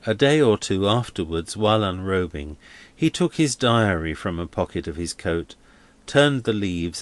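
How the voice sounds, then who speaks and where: Male audiobook narrator, low voice, slow and measured, lots of lilt. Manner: measured, deliberate.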